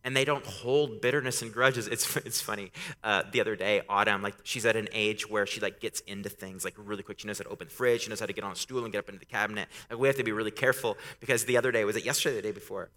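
Man preaching with bright hall reverb. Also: lowish voice, fairly even intonation, rapid-fire, hardly any pauses. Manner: casual storytelling, rising to an emphatic preaching build. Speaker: pastor. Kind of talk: sermon. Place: church sanctuary.

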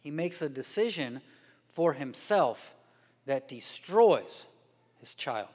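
Man, guest preacher, sermon, animated storytelling, acts out voices, slightly high voice, church hall reverb. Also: takes it slowly. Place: church sanctuary.

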